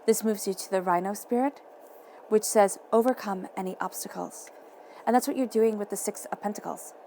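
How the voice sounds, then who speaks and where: A woman giving a tarot reading, speaking in a soft, encouraging way and repeating phrases for emphasis. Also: mid-range voice, fairly quick, slight background noise. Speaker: tarot reader.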